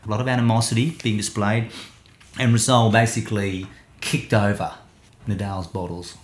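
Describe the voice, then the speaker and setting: Man, podcast co-host, casual sports chat, wry, amused, deep voice, roomy echo. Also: steady tone, normal speed. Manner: wry, amused, thinks aloud. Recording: echoey room.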